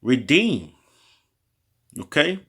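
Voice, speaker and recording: A street preacher teaches scripture informally in a loose, slangy style, reading Bible verses aloud and breaking in with his own asides. His voice is a little high, sing-song, pushed and bright, with a breathy edge. He often halts over hard words and restarts.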